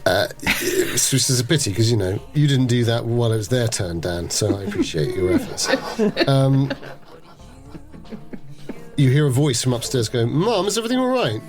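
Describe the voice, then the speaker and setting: A man's voice: mid-range voice, lively intonation, moderate pace. A man narrating a tabletop horror game as game master, often laughing and restarting his sentences. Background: background music.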